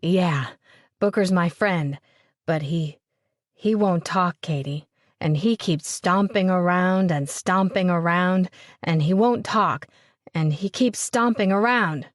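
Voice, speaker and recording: A woman voicing a gentle, simple-minded grown man who is childlike and worried, speaking plainly and repeating himself. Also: on the low side, takes it slowly, no room sound, clean studio sound. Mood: troubled. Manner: plain repetitive speech.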